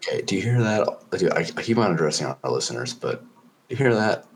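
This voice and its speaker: A man with a very deep, husky voice and lively pitch, chatting casually on a podcast. He drops in short, joking, self-deprecating comments. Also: fast. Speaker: podcast co-host. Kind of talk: casual chat.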